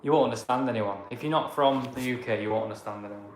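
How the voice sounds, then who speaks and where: A man with a Lancashire accent reads viewer comments aloud and rambles through his answers in an easygoing way. His voice sits at a middling pitch. The room echoes around him, with a faint noise underneath. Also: fast talker. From Blackburn, England. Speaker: travel vlogger reading viewer comments. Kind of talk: casual live-chat Q&A.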